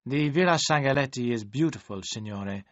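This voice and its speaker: Guy reading as a polite worried servant man, formal and halting, dry kinda dull audio. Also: medium pitch, animated, no room sound, close to an everyday voice. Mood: gentle.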